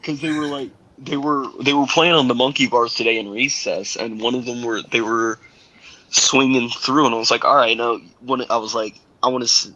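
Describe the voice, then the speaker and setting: A young man with a bright, forceful voice and an ordinary, middling pitch. He chats casually on a sports podcast and tells lively stories, acting out what each person in them says. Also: moderate pace, low-quality recording. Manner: animated storyteller, acts out quotes. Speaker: podcast co-host and schoolteacher.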